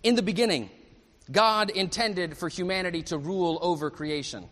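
High, bright-voiced preacher in a reverberant church. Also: male voice, moderate pace. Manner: animated, asks the congregation questions. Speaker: pastor. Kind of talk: sermon. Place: church service.

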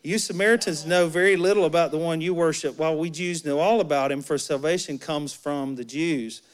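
Preacher reading as a calm patient teacher, lower and steady, no rush. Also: male voice, brisk, clean tone, close to an everyday voice. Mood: earnest. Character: calm, patient male rabbi teaching at a well.

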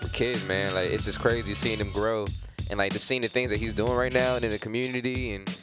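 A man's voice: lowish voice, fairly even intonation, fairly quick, over music. A man guesting on a radio show as a rapper, talking in a laid-back way with lots of "you know". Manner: laid-back, repeats himself, says "you know" a lot. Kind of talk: casual radio chat.

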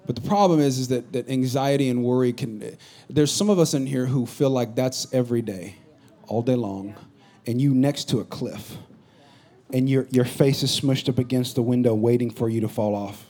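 A man preaching a sermon, going from loud comic storytelling to a hushed, serious tone. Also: medium pitch, moderate pace. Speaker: pastor.

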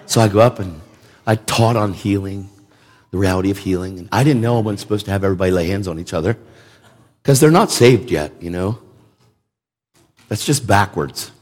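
A man's voice: deep voice, a little fast, pauses often, darkish tone. A man preaching a sermon in an emphatic, conversational way, repeating words for emphasis. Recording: long reverb of a large hall.

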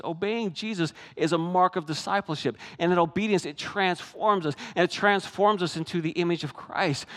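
A middle-aged man preaching a sermon as pastor, in a conversational style and acting out the voices he quotes. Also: fairly high pitch. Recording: long reverb of a large hall.

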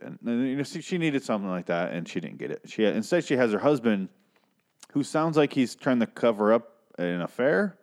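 A man's voice: medium pitch, very animated, a little fast, darkish tone. A man casually recapping a TV episode, rambling, joking and swearing as he goes. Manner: rambling, profane, restarts a lot, jokey.

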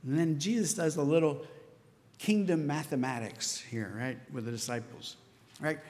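A man preaching a sermon, telling the story with lively asides and acting out the disciples' voices. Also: a little high, moderate pace, in a large hall. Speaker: pastor.

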